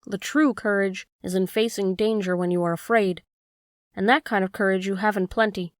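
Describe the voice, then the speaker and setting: A woman's voice: mid-range voice, steady tone, moderate pace, dry recording, studio quality, close to an everyday voice. A woman voicing the Wizard, a meek humbug. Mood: mild. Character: the Wizard, a little old humbug man.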